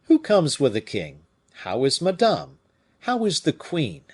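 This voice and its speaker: Brief: male reader playing a proud, tired musketeer in a storybook, husky, pitched up and animated. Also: a little slow, exaggerated voice. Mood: curious. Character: proud weary musketeer, middle-aged man.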